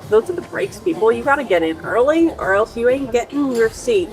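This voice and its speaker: A woman's voice: a little high, sing-song, fairly quick, a little mellow, faint music behind. A woman hosting a travel vlog, chatting playfully while tasting cake in a cafe. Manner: chatty, playful, talks with mouth full. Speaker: travel vlogger host. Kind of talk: casual chat while tasting food. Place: cafe, standing. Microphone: clip-on microphone.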